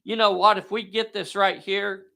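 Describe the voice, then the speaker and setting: A man's voice: high-pitched, level tone, normal speed, creaky, bright, forceful tone. A man hosting and narrating a live tabletop game in a folksy, enthusiastic way, talking to viewers. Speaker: game master and host.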